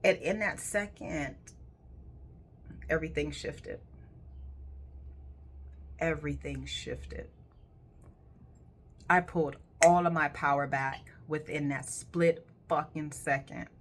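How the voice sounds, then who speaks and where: A woman's voice: low-pitched, steady tone, unhurried, hardly any pauses, slight background noise. A woman who works as a colon hydrotherapist, telling a personal story in a candid, emphatic way and swearing casually.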